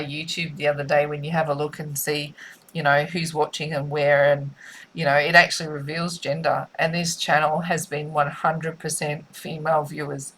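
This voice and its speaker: A woman's voice: low-pitched, fairly bright tone, rough recording. A woman giving a spiritual tarot reading, musing and repetitive in a soothing way. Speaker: tarot reader.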